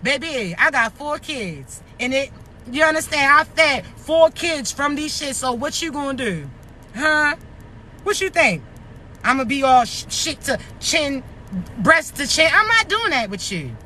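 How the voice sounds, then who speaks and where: Her voice high, bright and forceful, a woman in her thirties vents to her followers in a casual vlog, very animated though a little slow. She swears, throws out rhetorical questions, and is a bit out of breath, with traffic nearby outside.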